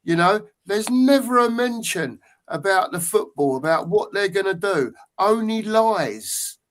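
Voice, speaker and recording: A man hosting a casual livestream chat. He speaks bluntly and earnestly and now and then pauses to hunt for a word. His voice sits a little high for a man. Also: expressive, fairly bright tone. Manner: blunt, earnest, searches for words. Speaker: host.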